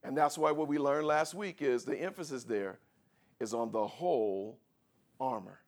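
A man pastor preaching a sermon, swinging between quiet, low passages and loud, high, shouted peaks. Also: moderate pace.

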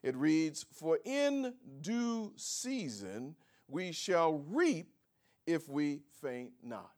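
A man preaches in a high, sweeping voice that rises and falls dramatically. He takes his time, drawing out key words slowly. He leans on the congregation for answers and builds to shouted emphasis. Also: sing-song. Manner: teaching, swells from low asides to shouted emphasis; calls for congregation responses. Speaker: pastor. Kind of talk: sermon.

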